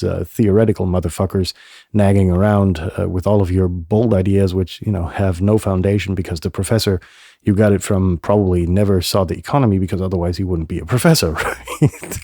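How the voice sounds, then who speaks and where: Gravelly low-voiced man rambling on a podcast. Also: dark tone, no echo, studio quality. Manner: rambling, many filler sounds, blunt and profane. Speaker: podcast host. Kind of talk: casual solo podcast monologue.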